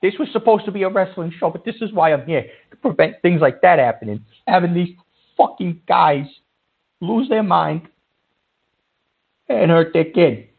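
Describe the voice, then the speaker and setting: A man's voice: sits high, expressive, normal speed, creaky, husky. A man hosting a comedic call-in radio show, blunt and heated, swearing as he lectures. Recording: tinny phone-like line.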